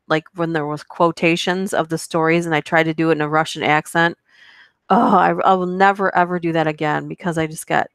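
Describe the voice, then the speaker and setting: A woman with a notably low voice reads stories aloud on a live stream, then drifts into casual, chatty asides to her viewers. The sound is close and dry, with no room echo. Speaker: YouTube horror story narrator. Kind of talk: live-stream story reading and chat.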